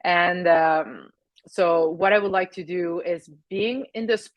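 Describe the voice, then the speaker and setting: Low-voiced French Canadian woman, hesitant. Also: slow, dry recording, dull audio. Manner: hesitant, many fillers, laughs often. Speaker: guest. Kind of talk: casual interview chat.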